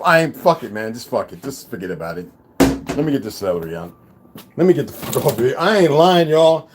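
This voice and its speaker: A man with a high-pitched voice vlogs, casually telling his viewers a story in an animated, rambling way. He swears constantly and calls them y'all.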